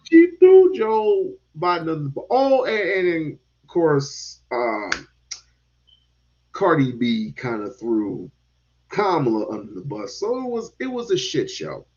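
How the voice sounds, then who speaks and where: A man talking politics in a casual chat, animated and given to repeating words and casual swearing. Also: a little high, a little slow. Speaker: podcast host. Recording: dull lo-fi sound.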